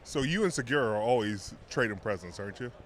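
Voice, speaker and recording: A man's voice: medium pitch, expressive, quick pace, a little hiss or hum. A man hosting a podcast, asking easygoing questions in a casual interview chat. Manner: easygoing, asks short questions. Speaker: podcast host.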